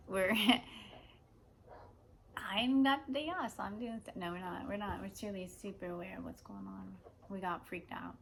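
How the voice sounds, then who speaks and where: A woman's voice: mid-range voice, fairly even intonation, unhurried, gravelly, a little hiss or hum, poor audio. A woman hosting an unscripted monologue who rambles and jumps between ideas. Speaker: host.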